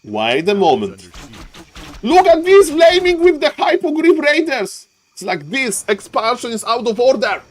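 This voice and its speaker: A man casting a live strategy game match, jumping between calm play-by-play and excited yelling, repeating his catchphrases. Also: extremely high pitch, measured pace. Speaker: game caster. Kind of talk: live esports commentary.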